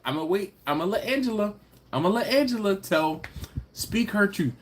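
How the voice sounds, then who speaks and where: Here a man running a live stream chats casually, voicing viewer comments and tossing back playful answers. He laughs a lot and draws words out to tease. His voice is high-pitched and animated.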